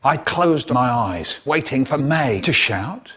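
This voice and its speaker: A man telling a comic story in an expressive, dramatic and playful way. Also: mid-range voice, slow, breathy edge.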